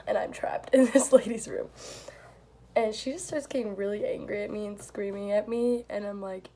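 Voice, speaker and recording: A woman's voice: medium pitch, steady tone, normal speed, mellow, slight background noise. A young woman telling a story in a casual vlog, chatty and full of "like", swearing now and then. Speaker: vlogger.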